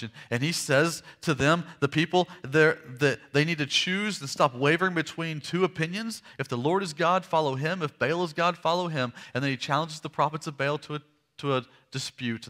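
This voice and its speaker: A man preaching a sermon, retelling a story dramatically, swinging from loud emphasis to hushed lows and slowing down to stress key lines. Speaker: pastor.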